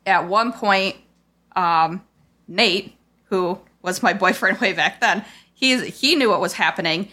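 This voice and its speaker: A podcast host with a fairly low, fairly bright woman's voice tells a painful family story. She rambles casually, leaning hard on "like" and "I was like" quotes, and her retelling sounds raw and frustrated.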